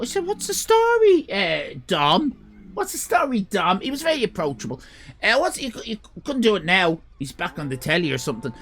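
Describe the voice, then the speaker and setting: Irish man, livestream host, rambling chat, high lively voice, bright tone. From Ireland. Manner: rambling, swearing, bursts of shouting. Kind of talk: casual live-stream chat.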